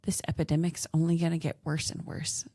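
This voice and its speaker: A woman's voice: deep voice, flat delivery, a little fast, dark tone, breathy edge, no room sound, studio quality. A woman with a Southern American accent hosting a faith-based podcast, speaking in an earnest, encouraging way. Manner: earnest, encouraging, giggly in bloopers. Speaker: podcast host. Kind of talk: casual podcast chat with faith reflection.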